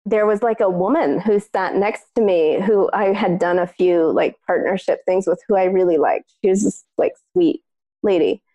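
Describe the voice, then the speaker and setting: A woman co-hosting a podcast, telling a personal story in casual chat, lively and peppered with "like", acting out what others said. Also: medium pitch, normal speed. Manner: animated, acts out other people's lines in the story; frequent filler "like". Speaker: podcast co-host.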